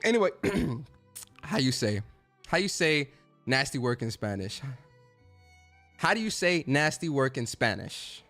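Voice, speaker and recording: A man's voice: mid-range voice, sing-song, unhurried, long pauses, a bit bright, soft background music. A man hosting a gaming stream in a casual, profane rant, repeating phrases for emphasis.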